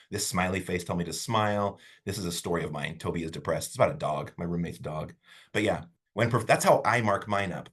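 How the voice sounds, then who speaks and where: A man teaching a public speaking class online in a casual, animated way, rambling a little with fillers, over a computer mic. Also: lowish voice, slightly rough. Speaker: college instructor.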